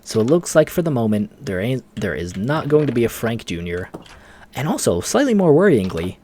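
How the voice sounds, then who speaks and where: Man, let's play host, casual game commentary, rambling, animated pitch. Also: moderate pace, slight background noise. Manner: chatty, rambling, laughs often, lively.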